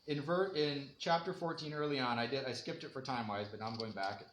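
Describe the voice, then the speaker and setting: A man's voice: mid-range voice, fast, a bit bright, a little hiss or hum. Chatty man teaching in an echoey room. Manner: conversational, laughs often, acts out quoted voices. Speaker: Bible teacher. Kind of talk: informal Bible lesson. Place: church room. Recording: echoey room with faint ambience.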